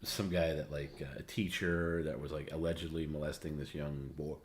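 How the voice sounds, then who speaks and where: A man hosting a livestream and casually telling stories, rambling and halting as he repeats words. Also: extremely low pitch, steady tone. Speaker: livestream host. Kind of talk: casual storytelling.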